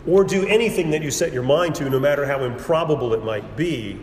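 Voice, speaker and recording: A man preaching a sermon in a measured, emphatic way, building repeated phrases and pausing for effect, recorded in a church sanctuary. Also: mid-range voice, expressive. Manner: measured, emphatic preaching with repetition and dramatic pauses. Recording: roomy hall with long reverb and faint background noise.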